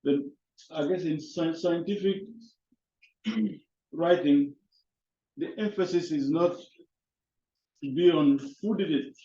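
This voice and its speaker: A man teaching an English class, halting and often repeating his words. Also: a little high, dark tone. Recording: echoey classroom, dull lo-fi sound.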